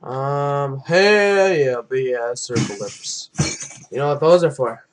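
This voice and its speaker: A young man hosts casual gameplay commentary for his own channel. He rambles loosely, swears freely and often lets his words sink into low mumbles. His voice sits at an everyday middle pitch. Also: slow, background noise. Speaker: gaming channel host.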